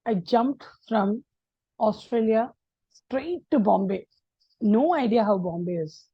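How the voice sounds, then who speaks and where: A middle-aged woman with an Indian English accent telling her life story as a guest, animated and acting out the people she quotes. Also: fairly high pitch, slow, breathy edge, no echo, lo-fi sound. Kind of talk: personal storytelling.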